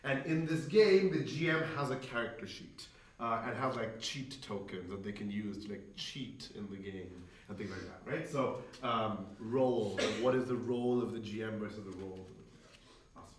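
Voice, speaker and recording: Speaking at a moderate pace in a fairly low voice, a male presenter gives game masters a chatty talk, punctuated by "right?" and acted quotes. The event-space recording is echoey and distant, with a faint hum of room noise.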